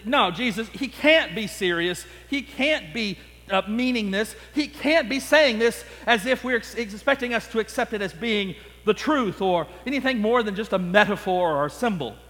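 A man's voice: high voice, lively intonation, normal speed, fairly bright tone, big-room sound. A man voicing a skeptical crowd of listeners, exasperated and arguing back in disbelief. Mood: incredulous. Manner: incredulous, arguing back, mock-pleading.

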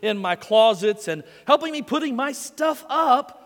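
A male pastor, preaching a sermon in a folksy, animated storytelling manner. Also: very high-pitched, a little slow. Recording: long hall reverb.

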